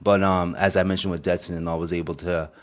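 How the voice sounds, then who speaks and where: Casual sports podcast host, man with a deep voice and a stuffy nose, meandering delivery, muffled lo-fi recording. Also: flat delivery, fast. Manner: rambling, repeats "and all too as well". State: nasal from a cold.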